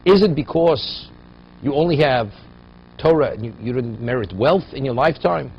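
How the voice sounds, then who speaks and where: A man's voice: mid-range voice, brisk, vocal fry. A man giving a Torah class in a mid-range voice, telling the story at an easy pace and then pressing hard on his main points. The recording is dull and lo-fi, with a faint hum of room ambience behind him. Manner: storytelling, rising to emphatic peaks. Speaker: Torah teacher.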